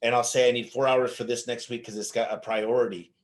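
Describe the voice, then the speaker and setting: Animated storytelling businessman. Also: mid-range voice, brisk. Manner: animated, acts out dialogue in anecdotes, frequent restarts. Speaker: business owner guest. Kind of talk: casual interview storytelling.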